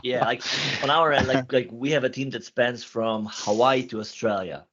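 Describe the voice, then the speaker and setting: A man co-hosting a casual chat, joking and quick with lots of "like". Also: mid-range voice, steady tone, over a noisy crowd. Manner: quick, joking, uses "like" a lot. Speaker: co-host. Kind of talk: casual video-call chat. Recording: dull lo-fi call audio.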